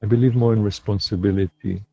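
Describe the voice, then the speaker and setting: A man talking as a meditation teacher in a slow, reflective livestream talk, pausing and restarting often. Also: on the low side, steady tone, mellow, slight background noise. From lives in New York City.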